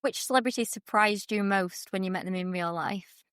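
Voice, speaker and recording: A woman's voice: medium pitch, moderate pace, fairly bright tone, clean tone, no echo, clean studio sound. A woman co-hosting a podcast, asking casual, chatty questions. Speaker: podcast co-host. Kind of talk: casual interview chat.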